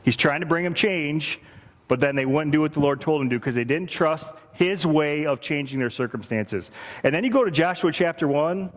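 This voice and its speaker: A man's voice: a little high, moderate pace. A man preaching a sermon, earnest and repeating phrases for emphasis. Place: church sanctuary. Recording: reverberant church hall.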